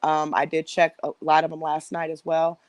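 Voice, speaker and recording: A woman's voice: low-pitched, completely flat delivery, moderate pace, no echo. A woman hosting a casual live stream from home on her phone, rambling and chatting directly with her viewers. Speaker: livestream host.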